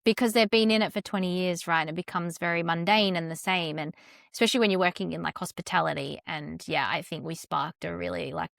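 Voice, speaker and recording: A woman's voice: on the low side, quick pace, creaky, a bit bright, no room sound, studio quality. A young adult Australian woman, a content strategist chatting as a podcast guest, with a chatty, flowing manner full of "like" fillers. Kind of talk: casual interview chat.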